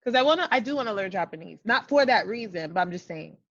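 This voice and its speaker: A woman hosting a casual interview, relaxed and chiming in with short encouraging words. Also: mid-range voice, fast, lo-fi sound. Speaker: interview host.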